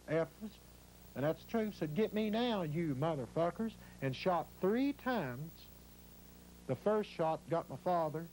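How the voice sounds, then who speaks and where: A man's voice: a little high, darkish tone, a little hiss or hum, poor audio. Appalachian man retelling a painful story. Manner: rambling, acts out what others said. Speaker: interviewee. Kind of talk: emotional first-person storytelling.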